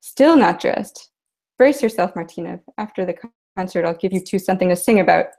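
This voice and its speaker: A woman voicing a stern school director who barks orders, during a literary reading, with a gravelly voice. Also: fairly low pitch, lively intonation, brisk, a little mellow. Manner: barking orders. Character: stern, impatient school director, grown man.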